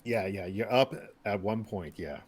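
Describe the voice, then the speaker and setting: A man's voice: lowish voice, a little slow, slightly rough. A man running a tabletop game as game master, loose and rambling with many restarts.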